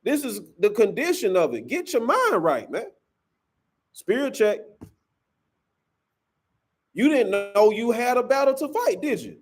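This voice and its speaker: Animated high-voiced preacher man. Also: unhurried, long pauses. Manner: emphatic, preachy, peppers lines with "man". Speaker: Sabbath class teacher. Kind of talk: fiery scripture teaching.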